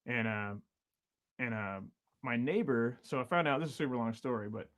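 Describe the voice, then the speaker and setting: A man's voice: medium pitch, moderate pace, a bit bright. A man in his thirties, a drummer guest telling long stories in casual chat, rambling with many fillers and laughs.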